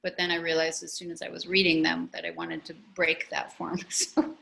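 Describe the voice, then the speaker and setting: Chatty, lower-voiced woman on a video call. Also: moderate pace, gravelly, poor audio. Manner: chatty, animated storytelling with many restarts. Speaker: author discussing her memoir. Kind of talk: conversational video-call interview.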